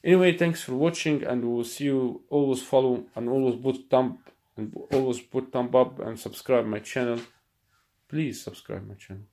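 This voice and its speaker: A man's voice: mid-range voice, mellow, a little hiss or hum. Angry man ranting in broken English. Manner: angry, repetitive, halting non-native English with profanity. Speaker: vlogger. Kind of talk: ranting to camera.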